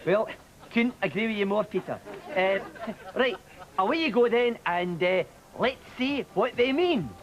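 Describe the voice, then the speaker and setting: A man's voice: sits high, unhurried, dull audio. A man with a Scottish accent playing a muddled, flustered football show presenter in a TV comedy sketch. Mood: bumbling. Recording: old TV recording with studio audience noise.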